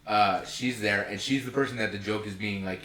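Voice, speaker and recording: A young man co-hosting a podcast, telling stories in a quick, animated way. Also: lowish voice, roomy sound. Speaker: podcast co-host. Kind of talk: casual chat.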